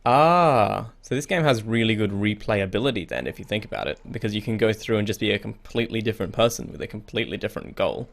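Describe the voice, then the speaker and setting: A man's voice: lowish voice, animated, fast, vocal fry, few pauses. A young man hosting a casual let's play, reading the game's text aloud and reacting in a chatty way. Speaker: gaming video host. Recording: faint game music behind.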